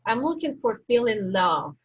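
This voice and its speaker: A woman life coach giving a live-stream coaching talk, teaching in a slow, deliberate way with reflective pauses. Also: on the high side, big pitch swings, husky, muffled recording.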